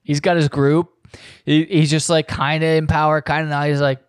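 A man's voice: fairly high pitch, level tone, moderate pace, clean tone, dry recording, clean studio sound. A man hosting a podcast, rambling profanely through a casual monologue and reading news aloud. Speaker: podcast host.

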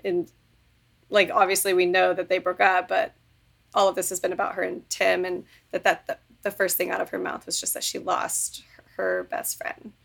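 Young woman with a gravelly, creaky voice. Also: on the low side, monotone, normal speed, a bit bright. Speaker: podcast co-host. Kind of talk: casual chat.

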